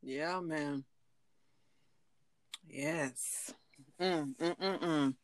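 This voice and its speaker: A woman co-hosting a podcast in casual chat, unhurried and agreeable, cheering her partner on as she shares a story. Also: sits low. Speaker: podcast co-host.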